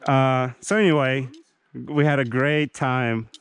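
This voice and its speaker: A man's voice: mid-range voice, fairly even intonation, slow, clean tone, no room sound. A man hosting a casual camping vlog in a forest, teasing his friends and talking in a rambling, joking way. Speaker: vlogger. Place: outdoors in a forest campsite.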